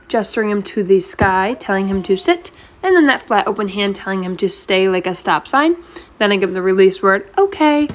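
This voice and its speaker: A woman dog trainer talks over a training clip, walking through each step in a plain, casual way with the odd filler. Her voice sits at an ordinary middle pitch.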